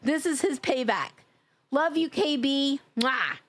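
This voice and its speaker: Woman streamer, fairly high voice, playful, teasing, laughs a lot, casual chat. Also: animated, slow pace. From New York. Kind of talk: casual live-stream chat while gaming.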